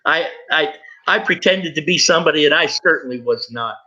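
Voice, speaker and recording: High, bright-voiced middle-aged man telling his story. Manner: halting, stumbles and repeats words when moved. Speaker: guest. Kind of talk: emotional personal storytelling. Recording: dull lo-fi recording.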